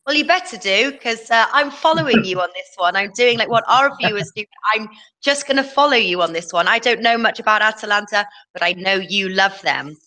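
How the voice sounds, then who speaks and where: Female host, bright tone, chatty panel lead with easy laughs. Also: mid-range voice, expressive, fairly quick, low-quality recording. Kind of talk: casual betting panel chat.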